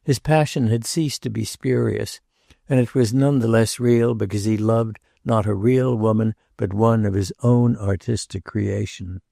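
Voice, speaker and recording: A man reading a novel aloud as an audiobook narrator, in a measured, unhurried way. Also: on the low side, steady tone, gravelly, warm tone, no room sound, clean studio sound. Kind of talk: scripted narration.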